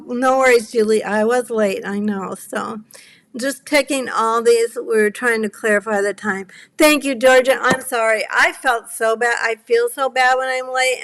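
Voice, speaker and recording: Brief: woman in her 70s, craft stream host, a bit high and gravelly, apologetic chat, teary edge. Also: a bit bright. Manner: apologetic, rambling, greets chatters by name. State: near tears. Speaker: cardmaking livestream host. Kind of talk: casual chat with live viewers.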